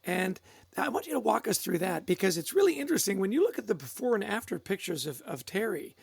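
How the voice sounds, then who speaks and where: Male podcast host, enthusiastic interviewer; higher-pitched, gravelly edge. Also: very animated, fast talker, no echo. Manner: enthusiastic, laughs easily.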